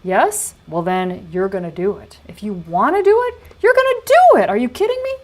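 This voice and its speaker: A woman's voice: mid-range voice, moderate pace. Middle-aged woman running an online workshop, blunt and punchy, swears a lot, reads people's answers back to them. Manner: blunt, emphatic, swears freely; animated, quoting attendees' typed answers back. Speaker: workshop coach.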